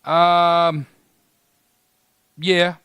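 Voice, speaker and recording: A young man in his twenties chatting on a podcast, laid-back and joking, laughing easily. His voice is bright and sharp, and the recording is dry with no room sound. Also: a little high, level tone, drawn-out words, clear, resonant tone, no room sound. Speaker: podcast co-host. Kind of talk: casual chat.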